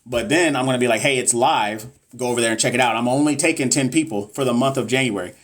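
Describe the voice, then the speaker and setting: A man with a medium-pitched, slightly bright voice talks at a quick pace while tutoring NCLEX students on a loose, casual livestream. He reads viewer comments, uses lots of fillers, and sells courses. It's recorded via phone or webcam.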